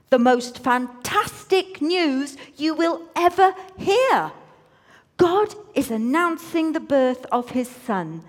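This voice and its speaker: A woman's voice: high voice, voice pushed up, heavily acted. Woman voicing an earnest, pleading angel messenger. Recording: long hall reverb.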